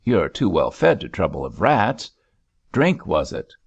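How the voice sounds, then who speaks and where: A man voicing a gruff, dryly humorous older sea captain who drawls wry remarks, with a creaky, husky voice. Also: low voice, sing-song, measured pace, lo-fi sound, heavily acted.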